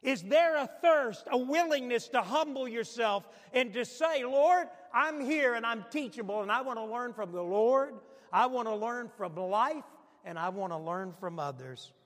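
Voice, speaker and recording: A man's voice: very high voice, expressive, measured pace, hardly any pauses, fairly bright tone, big-room sound. A man preaching a sermon, asking his congregation rhetorical questions with building intensity. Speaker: pastor.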